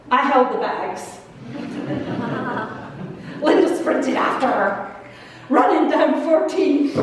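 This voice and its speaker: A Canadian woman minister telling a story in a chatty sermon reflection, with asides to her congregation. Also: sits high. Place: large church sanctuary. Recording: echoey church hall from far off, faint noise.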